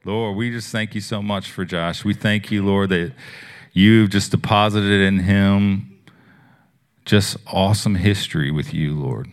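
A man's voice: fairly low pitch, measured pace. A man leading an earnest, spontaneous prayer before a sermon. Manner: earnest, repetitive prayer phrasing. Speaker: church member leading prayer.

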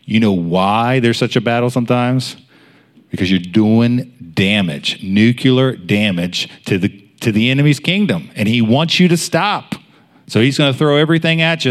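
A man's voice: mid-range voice, moderate pace. A man in his thirties preaching a sermon in a casual, storytelling way, with many fillers. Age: 30s.

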